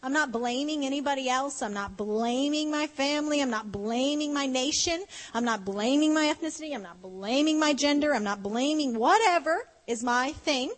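A woman's voice: sits high, normal speed, hardly any pauses. A woman preaching at a conference, playful and conversational, acting out little dialogues with laughs. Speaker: conference speaker. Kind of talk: conference sermon. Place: conference hall. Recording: long hall reverb.

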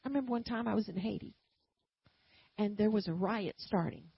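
A woman preaching a sermon and telling a personal story, swinging from quiet asides to loud emphatic bursts. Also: medium pitch, brisk, gravelly, husky, muffled recording.

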